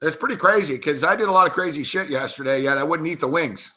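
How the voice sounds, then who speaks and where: Talking fast in a bright, forceful voice that's a little high, a tipsy man hosting a sports betting show tells a rambling, profane account of a night of drinking. He laughs plenty as he weaves it between live game calls.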